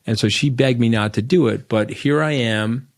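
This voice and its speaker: A man's voice: mid-range voice, normal speed. A middle-aged man from Long Island, telling stories bluntly and animatedly as an interview guest, often tagging his lines with "okay?". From Long Island, New York. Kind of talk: candid storytelling interview.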